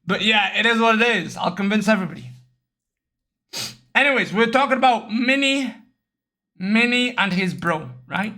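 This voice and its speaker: A young man streaming, chatting casually and telling animated stories with lots of swearing, raising his voice to act out other people. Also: high voice, normal speed, long pauses. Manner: animated storytelling, acts out others in raised voice, swears often. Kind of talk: casual livestream chat.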